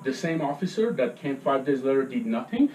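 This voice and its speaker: Speaking up at a public meeting, this resident sounds very animated and a touch mellow, his mid-range voice moving a little fast. He's agitated, hammering each point with a repeated "okay?", captured from far away in an echoey room with slight noise behind him.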